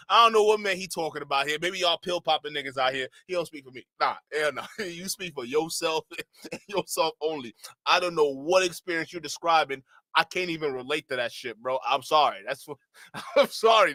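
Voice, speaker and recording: Reaction-stream host: man, fairly high bright voice, slangy, laughs often, incredulous. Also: a little fast, no echo. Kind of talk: casual reaction stream talk.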